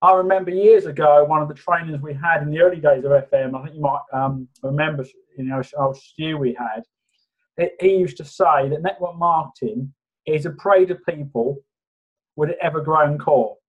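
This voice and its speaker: A man answers interview questions over a video call at a calm, measured pace, often pausing on "you know." His voice sits a little high for a man. The call audio is dull and muffled. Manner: steady, measured, many fillers. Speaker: guest.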